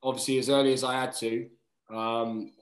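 A man in his thirties, a guest on a podcast, telling stories in animated casual chat. He swears freely and keeps saying "mate.". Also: mid-range voice, moderate pace. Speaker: guest, rugby player. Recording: roomy echo.

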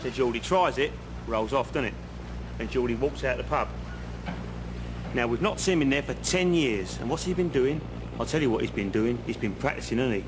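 An actor playing a rambling painter. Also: male voice, mid-range voice, lively intonation, fairly quick, background noise, natural voice. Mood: chatty. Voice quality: chatty, earnest storyteller, leading asides. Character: rambling working-class male painter spinning pointless yarns. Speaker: house painter. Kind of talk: comedy sketch acting. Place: outdoors on a bridge.

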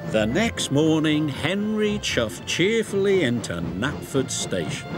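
A man with a British accent narrating a children's story in a gentle, expressive way. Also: a little high, takes it slowly. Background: music.

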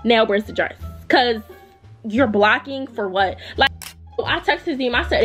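A young woman vlogger telling a storytime in a heated, profane, animated rant. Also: a little high, unhurried, dull audio, faint music behind.

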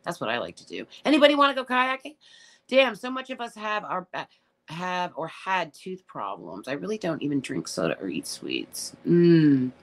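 A middle-aged woman chats on her livestream and answers viewers bluntly, swearing freely and getting emotional. Her voice sits fairly low but swings widely up and down as she talks. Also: sing-song, moderate pace, gravelly. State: tearful at times. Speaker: livestream host reading viewer comments. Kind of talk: casual live chat.

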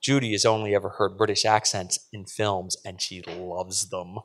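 A man's voice: deep voice, steady tone, moderate pace. A male author reading his fiction aloud at a live event, with vivid, dramatic narration. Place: live event at a literary venue.

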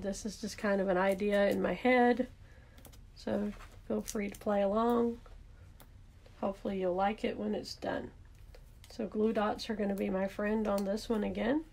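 Chatty Southern woman with a gravelly edge. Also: medium pitch, a little mellow, slight background noise. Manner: chatty, thinks aloud while working, self-correcting. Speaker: card-making instructor. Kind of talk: casual craft demonstration.

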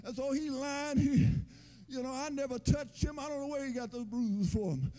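A man pastor preaching a sermon in a church, with a chanting, sing-song delivery that rises to shouts. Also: extremely high pitch, normal speed. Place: church sanctuary.

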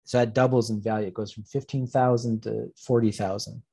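A man presenting to a public audience as a planning consultant, walking through slides in a relaxed, plain-spoken way. His voice is dark and a little husky, and he leans on wry stories to make his points. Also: lowish voice, a little fast, no room sound, clean studio sound.

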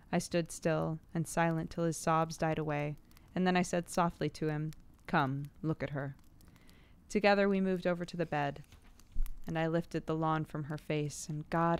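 A woman reading a classic novel aloud to a stream audience, measured and unhurried. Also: low voice, clear, resonant tone. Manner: measured reading, breaks off laughing at stumbles.

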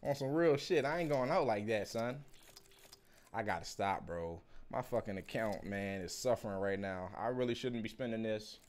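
A young man, streaming a game pack opening with animated, slangy, swearing commentary. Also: lowish voice, moderate pace.

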